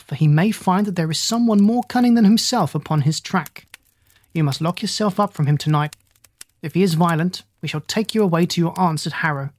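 An audiobook reader voicing a calm, precise Victorian detective who speaks in a formal, measured way. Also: mid-range voice, no echo, natural voice. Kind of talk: audiobook reading.

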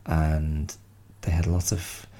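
A man in his fifties hosts a podcast, delivering a casual solo monologue that's reflective and halting, full of pauses and fillers. His voice rumbles low with a dark tone and little pitch movement.

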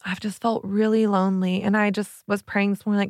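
A woman's voice: mid-range voice, little pitch movement, brisk, darkish tone, no echo, studio quality. A woman in her thirties, a podcast host and relationship coach, talking openly and earnestly in a personal confessional way, full of "like" fillers. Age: 30s. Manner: earnest, open, many "like" fillers.

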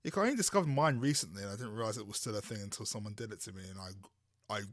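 A man's voice: fairly low pitch, rapid-fire, no echo, clean studio sound. A man from London co-hosting a podcast, telling a story in casual chat with lots of stops and restarts. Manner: animated storytelling with many restarts. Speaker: podcast co-host.

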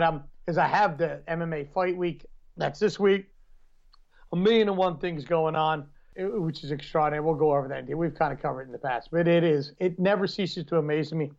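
A podcast co-host with a slightly high voice chats casually, telling rambling stories and laughing often. The audio sounds dull.

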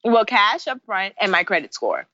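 A woman in her thirties, a guest on an interview, telling her story in a lively way with laughing asides and acted-out lines. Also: mid-range voice, moderate pace, no room sound. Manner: animated, laughing asides, acts out her own past lines. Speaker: guest, bridal designer. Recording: dry, slightly dull sound.

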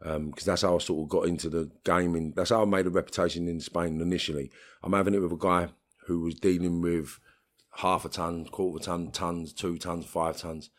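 A man's voice: deep voice, steady tone, brisk. A middle-aged man with a London accent, telling blunt streetwise stories as an interview guest. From England. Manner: blunt streetwise storytelling, swearing, acts out voices in quotes. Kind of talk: storytelling in an interview.

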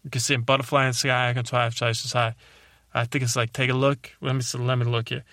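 A man doing a cranky, loudmouthed male butterfly with a put-on tough-guy accent, ranting and rambling at humans in a comedic monologue. The voice sits in a middle pitch and sounds close and dry, with no room around it. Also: flat delivery, rapid-fire, no room sound, close to an everyday voice.

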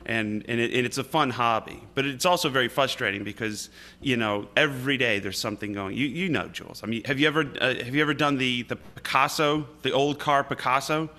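A man's voice: mid-range voice, brisk, pushed and bright. A man from upstate New York, a guest musician chatting in an interview and telling anecdotes with frequent restarts. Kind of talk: casual interview chat.

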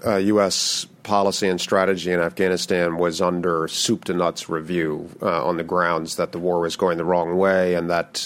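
Deep, low male panelist, measured delivery, lots of "uh"s. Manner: measured, hesitant with many fillers. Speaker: panel speaker. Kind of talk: public policy Q&A.

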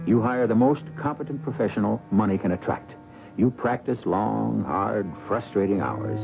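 A radio drama host with a low, gravelly voice delivers a wry, rhetorical scripted opening. Music plays behind him, and the sound is thin, like an old broadcast. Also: male voice. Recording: tinny 1970s radio broadcast over music.

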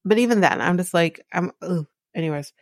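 A woman's voice: fairly low pitch, fairly quick, vocal fry, no echo, clean studio sound. A woman hosting a podcast, recapping a reality show in a blunt, sarcastic, swear-heavy way and laughing often as she talks. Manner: laughs often while talking. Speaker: podcast host.

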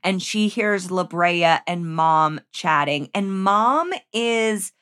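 A woman co-hosting a casual podcast and recapping a movie with wry sarcasm. Her pitch rises and falls expressively as she acts out the scenes. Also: expressive, takes it slowly, a bit bright, clear, resonant tone. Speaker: podcast co-host.

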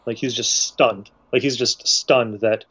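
A man co-hosting a casual chat, reflecting earnestly on a comic and what it once meant to him, halting now and then. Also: mid-range voice, steady tone, a bit bright, breathy edge. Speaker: comic book podcast co-host.

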